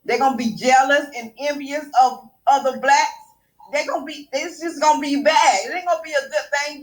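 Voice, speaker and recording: A woman on a call-in segment speaks in a high voice, earnest and emphatic as she presses her complaint. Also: normal speed, low-quality recording. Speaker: caller on a live stream. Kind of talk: casual call-in commentary.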